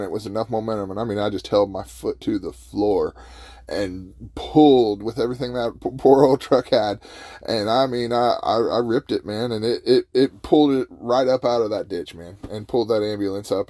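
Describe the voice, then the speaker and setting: Brief: mellow-voiced man, folksy rambling storyteller, dry close sound. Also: on the low side, no echo. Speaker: host telling a personal story. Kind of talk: casual storytelling.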